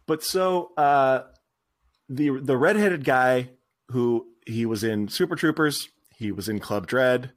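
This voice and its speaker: A man co-hosting a podcast, chatting casually about a movie, relaxed and rambling with laughs. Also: medium pitch, slow. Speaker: podcast co-host.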